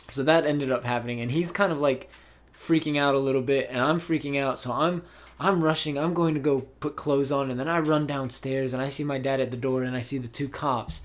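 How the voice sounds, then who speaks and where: A young man hosting a podcast, telling a long story in a casual, rambling way with many fillers and restarts. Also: fairly high pitch. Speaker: podcast host. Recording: voice call.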